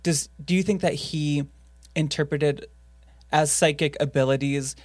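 Woman podcast host, deep voice, casual questions, dry recording. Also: fairly even intonation, a little slow, darkish tone, no echo. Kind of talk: casual interview chat.

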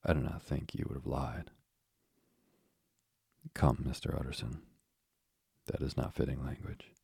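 A man voicing a sinister, secretive man in an audiobook, curt and guarded, with a husky, whispery delivery. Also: a bass voice, steady tone, measured pace, dark tone, no echo, studio quality, exaggerated voice. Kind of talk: audiobook character reading.

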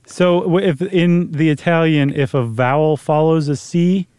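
A man's voice: a little high, fairly even intonation, unhurried, a little mellow, smooth, no room sound, studio quality. A man co-hosting a podcast in casual chat, easygoing and rambling, with plenty of filler words. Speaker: podcast co-host.

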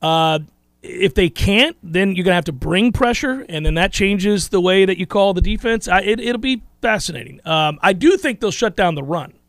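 A man's voice: sits high, animated, moderate pace, a bit bright, dry recording. A man hosting a casual sports talk radio show, reading listener questions and laughing easily.

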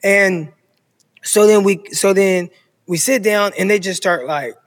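Heard in a large hall, this former football player from Stockton, California, in his thirties, talks a little slowly in a high-pitched voice. As a podcast guest he animatedly tells his own football story in casual style, acting out the people involved and mimicking coaches' voices.

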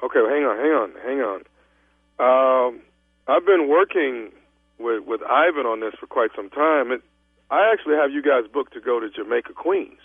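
Husky man pranking on a tinny phone line. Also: medium pitch, normal speed, dry recording, faint music behind. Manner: stammering, feigning calm composure. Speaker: prank caller posing as travel agent.

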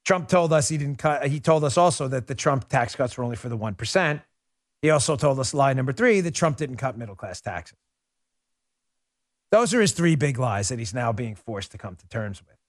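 A middle-aged man hosting a political talk show, delivering a casual, sarcastic commentary monologue with lots of quick asides. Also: medium pitch, no room sound, studio quality. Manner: animated, sarcastic, rapid asides.

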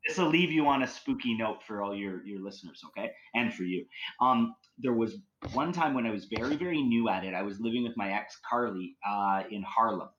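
A man's voice: lowish voice, a little fast, a bit bright, dull audio. A man telling ghost stories as a podcast guest, rambling with many likes and restarts. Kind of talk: casual storytelling.

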